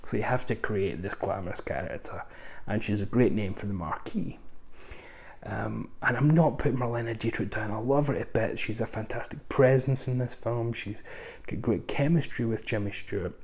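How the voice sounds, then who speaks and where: A man with a lowish, slightly mellow voice hosts a casual film review on his channel at a moderate pace. He rambles along with frequent ums, restarts and chatty asides.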